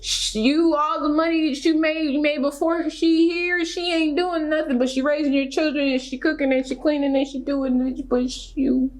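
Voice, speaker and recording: A woman vlogger giving casual reaction commentary, emphatic and animated, full of rhetorical questions. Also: high-pitched, normal speed, few pauses.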